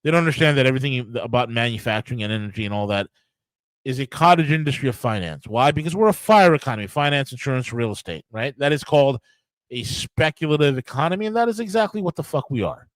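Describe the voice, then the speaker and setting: A man's voice: medium pitch, expressive, fast, no echo, poor audio. A man hosting his own show, ranting angrily and profanely about politics, with frequent restarts and emphatic repetition. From United States. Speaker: podcast host. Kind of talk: solo political rant.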